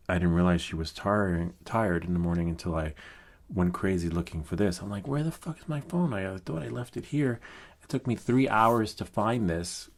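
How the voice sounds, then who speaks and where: A middle-aged man hosting a casual tech tutorial, talking in a chatty, rambling way with many fillers and asides. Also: low-pitched. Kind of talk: casual screen-recorded tutorial.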